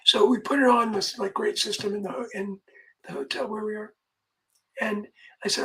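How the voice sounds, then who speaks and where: A man's voice: high-pitched, fairly even intonation, normal speed, long pauses, a bit bright, poor audio. A man, a music manager, telling a long casual anecdote in a rambling way, full of restarts and quoted dialogue.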